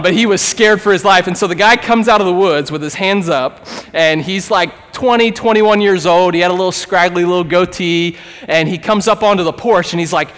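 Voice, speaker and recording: Male pastor, thirties, earnest sermon, casual storytelling, slightly raised pitch, long hall reverb. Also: normal speed, fairly bright tone. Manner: earnest, conversational, acts out quoted voices. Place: church sanctuary.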